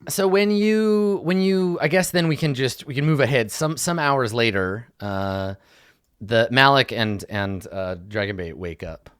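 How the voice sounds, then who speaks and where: A man's voice: medium pitch, unhurried, a bit bright, clear, resonant tone, no room sound, clean studio sound. A man narrating a tabletop game as dungeon master, casual and loose with many fillers.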